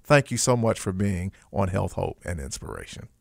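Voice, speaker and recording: A man's voice: low voice, big pitch swings, moderate pace, gravelly, dry recording, studio quality. A man hosting a faith-based interview podcast, affirming his guest with frequent interjections of praise. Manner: affirming, peppers talk with "praise God" and "amen". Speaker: podcast host.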